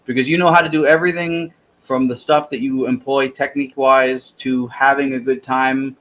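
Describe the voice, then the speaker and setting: Man host, casual chat, halting restarts, middle pitch. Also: level tone, a bit bright. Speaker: show host.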